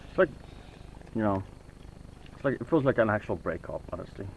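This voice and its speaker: Lively young man vlogging at home. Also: on the low side, a little fast, vocal fry, dull audio, a little hiss or hum. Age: young adult. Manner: chatty, loose, with frequent fillers and restarts. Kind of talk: casual vlog talk. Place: family home and garden.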